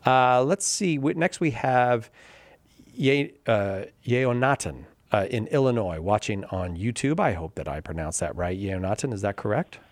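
A man's voice: on the low side, lively intonation, normal speed, no echo. A man hosting a call-in radio show, chatty and reactive as he introduces callers.

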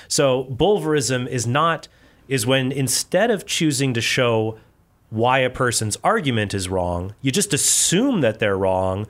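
A man hosting a podcast, chatting casually with a guest and joking in quick asides. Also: medium pitch, lively intonation, fairly bright tone. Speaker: podcast host. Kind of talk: casual interview chat.

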